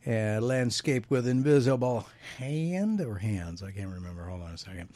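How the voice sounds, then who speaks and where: A man's voice: mid-range voice, lively intonation, normal speed, mellow, dry recording. A man hosting a pop culture radio show, chatting casually and joking as he runs a movie review panel. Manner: jokey, rambling, laughs often. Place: radio studio.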